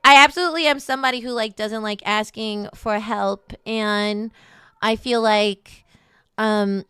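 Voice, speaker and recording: A woman with a fairly high, smooth voice, chatting emotionally and rambling to her viewers during a stream. She is on the edge of tears and talks into a close mic with a dry sound. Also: fairly bright tone, no room sound. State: near tears. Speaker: streamer hosting a charity stream. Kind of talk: casual chat.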